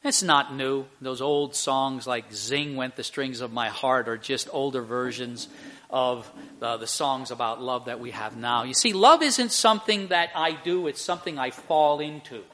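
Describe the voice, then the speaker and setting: A man's voice: mid-range voice, moderate pace, a bit bright. An older man preaching a sermon, telling a story earnestly and acting out the people in it. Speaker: pastor.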